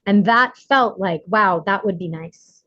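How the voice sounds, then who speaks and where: Leading a recovery workshop by video call, the woman keeps things casual and chatty, laughing a lot and filling her speech with fillers. She has a sharp tone and a mid-range voice at a measured pace, with no room sound despite the slightly muffled call audio.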